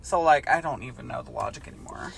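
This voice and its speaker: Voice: mid-range voice, fast, gravelly, fairly bright tone, breathy edge. A young adult co-host in casual chat, bluntly and profanely mocking their own old writing. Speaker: podcast co-host, author of the book.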